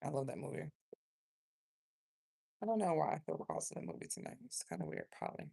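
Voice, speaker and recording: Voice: mid-range voice, very animated, fast talker, creaky, dark tone, slightly rough. A tarot reader from South Carolina, giving a rambling, emotional, chatty card reading in a casual livestream.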